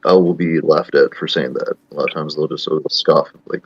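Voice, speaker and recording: A man's voice: very deep voice, a little fast, few pauses, husky, no echo, muffled recording. A man in his thirties hosting a casual online chat, thinking aloud in a rambling, thoughtful way. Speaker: host.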